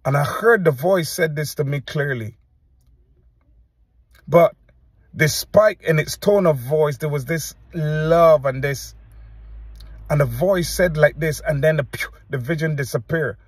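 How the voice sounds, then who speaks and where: A man preacher giving an earnest, halting testimony to camera, often restarting his sentences as he recounts visions. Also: on the high side, slightly rough, dry recording.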